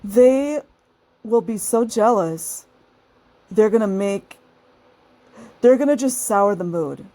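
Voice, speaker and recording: A woman's voice: mid-range voice, expressive, slow pace, long pauses, mellow. A woman hosting her own channel, talking casually to her viewers. She laughs often and acts out the people she describes. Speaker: channel host.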